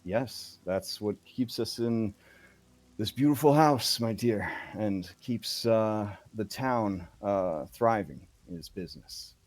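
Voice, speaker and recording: A man voicing a smooth, courteous middle-aged town boss who speaks low and suave. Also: takes it slowly, darkish tone, no echo.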